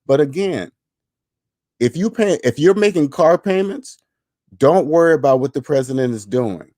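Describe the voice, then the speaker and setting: A finance channel host with a fairly high, slightly mellow voice and lively intonation speaks at a moderate pace in clean, echo-free studio sound. In casual livestream commentary, he lectures emphatically and repetitively about money while answering viewer chat.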